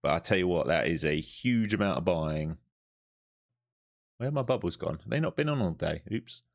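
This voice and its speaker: A low-voiced man talks through a live trade as it unfolds, thinking aloud in a loose, profane, chatty way. He sounds overtired, like he's been at it all day. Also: animated, normal speed, gravelly. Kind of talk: live trading commentary.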